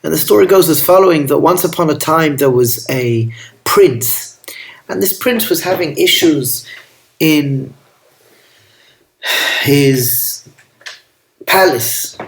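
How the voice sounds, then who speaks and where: Gentle rabbi with a roomy echo. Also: male voice, on the high side, expressive, takes it slowly, gravelly, long pauses. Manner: gentle, affectionate, with Hebrew and Yiddish terms. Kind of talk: storytelling sermon.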